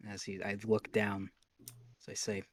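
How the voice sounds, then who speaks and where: A man playing a tabletop role-playing game, narrating his character's actions in a deliberate, theatrical way. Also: on the low side, completely flat delivery. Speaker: player. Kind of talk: casual tabletop role-play.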